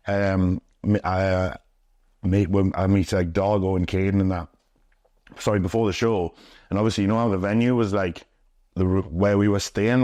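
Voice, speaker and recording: Sweary young wrestler, deep voice. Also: male voice, darkish tone, dry recording, studio quality. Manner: sweary and rambling, filler-heavy. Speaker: interviewee, pro wrestler. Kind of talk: casual storytelling. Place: indoors, sit-down interview.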